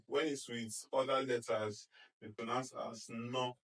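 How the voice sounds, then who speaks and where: A man's voice: medium pitch, level tone, a little slow, a bit bright, far from the mic, rough recording. A male reading teacher giving a phonics lesson, sounding out letter blends and praising often, checking in with "okay?" and "do you understand?".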